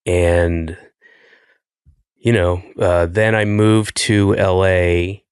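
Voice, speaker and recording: A middle-aged man from Atlanta, a podcast host, talking in a rambling, halting way with lots of fillers. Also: low voice, fairly even intonation, smooth, dry recording, clean studio sound. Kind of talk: casual interview chat.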